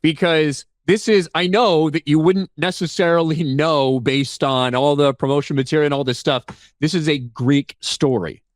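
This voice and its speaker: A man patiently explains his point in a casual livestream chat. His voice sits a little high, and the recording is dry and close. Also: fairly even intonation, normal speed, no echo.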